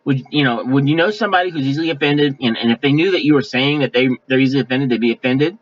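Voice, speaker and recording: A male pastor preaching a sermon in a folksy, conversational way, now and then mimicking offended people in quick asides. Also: medium pitch. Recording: dull lo-fi sound.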